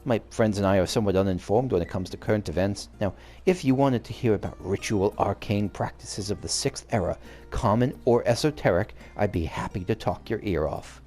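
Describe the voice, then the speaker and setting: A man reading aloud as a prim, chatty female scholar at tea, pitching his voice up. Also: a little fast, few pauses, warm tone, soft background music, natural voice.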